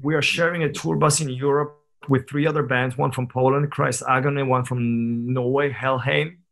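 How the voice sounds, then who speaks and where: A man's voice: mid-range voice, fairly even intonation, normal speed, creaky. A man over thirty, a guest on a podcast, telling stories in a candid, reflective way with many fillers and restarts. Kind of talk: casual conversational interview.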